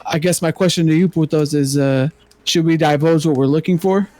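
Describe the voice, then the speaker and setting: A man's voice: fairly high pitch, steady tone, fairly quick, darkish tone, close to an everyday voice. A man voicing a brash, streetwise male adventurer who threatens and swaggers, calling people fool. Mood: gruff.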